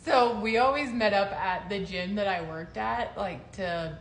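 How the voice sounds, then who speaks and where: A young woman with a mid-range voice chats casually, telling a story at an unhurried pace. As a co-host sharing her own tale, she's animated, laughs often, and acts out quotes. The recording has a roomy echo and faint noise.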